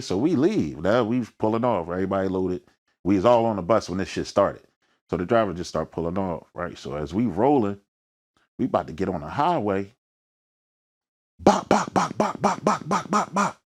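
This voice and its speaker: This low-voiced Philadelphia rapper, a guest in a sit-down interview, talks animatedly, a little fast, with a slightly mellow tone. Recounting his rap career in heavy slang sprinkled with "you know what I mean," he performs the voices and sounds of each story.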